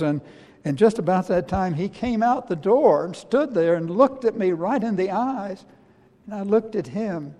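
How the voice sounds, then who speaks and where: A man preaching as the apostle Peter, a humbled middle-aged fisherman telling his own story in the first person, earnest and halting. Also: sits high, dark tone. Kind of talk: dramatic first-person sermon monologue. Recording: long reverb of a large hall.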